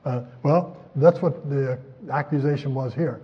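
A man's voice: medium pitch, normal speed. An older man preaching a folksy sermon, chuckling often and acting out the voices in the passages he quotes. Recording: dull lo-fi recording.

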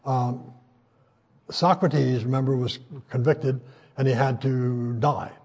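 An older man preaching a sermon in a folksy, conversational way, pausing often with fillers and raising his voice when he quotes scripture. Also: mid-range voice, fairly even intonation, darkish tone. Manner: folksy, conversational, frequent hesitations; voice rises when quoting scripture.

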